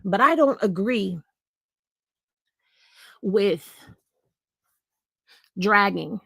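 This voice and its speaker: A woman's voice: mid-range voice, lively intonation, drawn-out words, vocal fry, fairly bright tone, breathy edge, no echo. A middle-aged woman blogger giving candid, emotional livestream commentary, earnest and repeating herself for emphasis.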